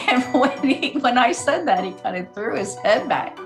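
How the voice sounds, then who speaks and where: A woman telling her personal testimony of meeting God, laughing at herself as she goes. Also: a little high. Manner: laughing, self-deprecating storytelling. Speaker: near-death experience storyteller.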